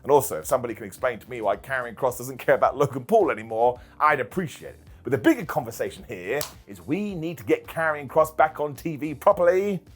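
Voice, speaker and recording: A man hosting a casual recap, animated and jokey with sarcastic asides. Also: mid-range voice, quick pace, hardly any pauses, soft background music. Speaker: wrestling show reviewer and host.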